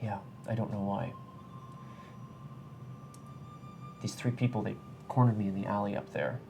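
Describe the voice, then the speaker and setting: A man playing a wounded troll man disguised as a mortal in a tabletop game, speaking in a hesitant, halting way. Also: lowish voice, fairly even intonation, vocal fry, music in the background. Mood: frightened. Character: hurt, wary troll man in mortal guise.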